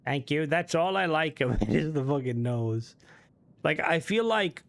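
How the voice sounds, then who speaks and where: A man's voice: a little high, lively intonation, measured pace, vocal fry. A man streaming a game, thinking aloud and mumbling as he builds a ship in casual commentary.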